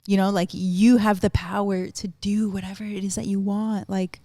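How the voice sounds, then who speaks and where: A woman hosting a podcast in casual chat, expressive and quoting her own thoughts, with plenty of "like" fillers. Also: medium pitch, normal speed, no room sound. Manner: expressive, quotes herself, frequent fillers like "like". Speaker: podcast host.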